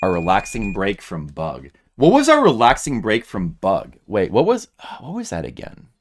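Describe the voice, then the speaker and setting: A man's voice: fairly low pitch, wildly swooping pitch, normal speed. A man streaming a game, rambling casually to his chat and now and then putting on a mock rage. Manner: rambling, chats with viewers, bursts into mock rage.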